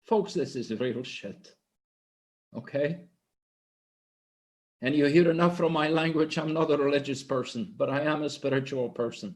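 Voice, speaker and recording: A man giving an impassioned, blunt motivational pitch to an online group, swearing freely and sounding emotional. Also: moderate pace. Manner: intense, blunt, swearing, preachy. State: emotional, sniffling. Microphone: online conference microphone.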